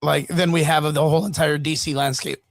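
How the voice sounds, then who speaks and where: A man co-hosting a casual podcast chat, animated and quick to laugh, swearing freely. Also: fairly high pitch, gravelly, dry recording, clean studio sound. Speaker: podcast co-host.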